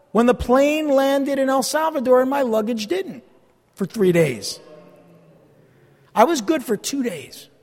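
A pastor preaching a sermon, telling stories about himself with self-deprecating humor. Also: male voice, very high-pitched, big-room sound.

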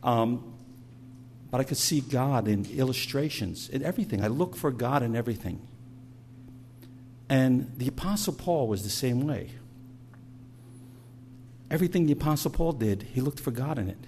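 A man's voice: medium pitch, expressive, moderate pace, a little mellow, a little hiss or hum. Conversational male preacher telling stories. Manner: storytelling, conversational, repeats words. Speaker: pastor. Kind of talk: sermon.

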